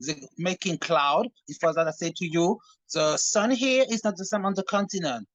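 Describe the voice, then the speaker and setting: High, lively male guest voice, dry sound. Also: moderate pace, dry recording, rough recording. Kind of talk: casual chat.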